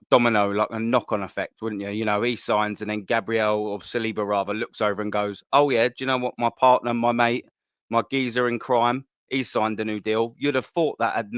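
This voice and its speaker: A man's voice: on the low side, no room sound, studio quality. A man, hosting a live-streamed chat show in an upbeat, chatty way, repeating words as he goes. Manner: chatty and upbeat, repeats words, gives shout-outs to viewers. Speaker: fan channel host.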